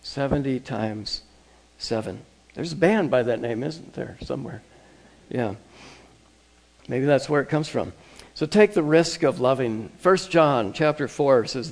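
Brief: a male pastor preaching casually, with repeated words and quiet emphatic endings. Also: mid-range voice, expressive, unhurried. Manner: conversational, repeats words, drops to soft emphasis. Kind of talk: sermon.

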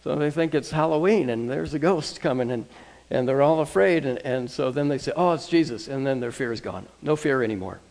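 A man preaching a sermon in a conversational way, often repeating words and dropping to a soft voice for emphasis. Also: mid-range voice, a little fast, gravelly. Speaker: pastor.

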